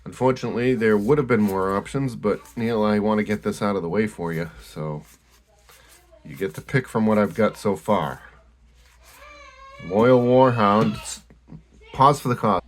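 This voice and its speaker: A man with an Australian accent hosting a casual card-opening video, relaxed, blunt and a bit sweary. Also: fairly low pitch, moderate pace. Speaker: host.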